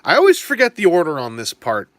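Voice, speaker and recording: A man's voice: fairly high pitch, wildly swooping pitch, fast, fairly bright tone, no echo. A man hosting a casual live stream, chatting in a rambling way while answering viewer questions. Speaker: stream host. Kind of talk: casual live-stream chat about toys and trading cards.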